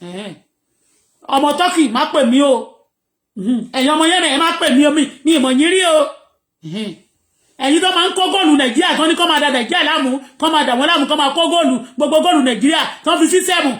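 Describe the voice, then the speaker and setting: Ranting Nigerian woman, very high voice. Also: fairly bright tone, roomy sound. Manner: emphatic and repetitive, switching between Pidgin, English and Yoruba. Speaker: vlogger. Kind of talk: ranting monologue to viewers. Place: home.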